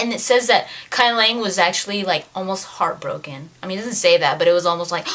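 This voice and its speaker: A woman giving an animated, exasperated review of a novel in a casual rant, acting out characters' lines along the way. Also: mid-range voice, fairly quick, hardly any pauses. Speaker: video creator reviewing a novel. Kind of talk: casual ranting book review.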